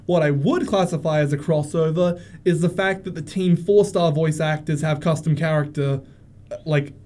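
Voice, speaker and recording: Guy explaining stuff calmly on a podcast, mellow dark tone, slightly high. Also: normal speed. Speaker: podcast co-host. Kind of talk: casual chat.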